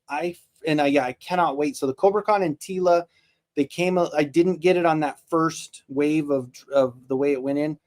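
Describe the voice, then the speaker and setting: A man in his forties hosting a live toy stream, chatting in a loose, rambling and jokey way, often restarting his sentences. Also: on the high side. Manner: laid-back and jokey. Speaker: toy show host. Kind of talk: casual live-stream chat.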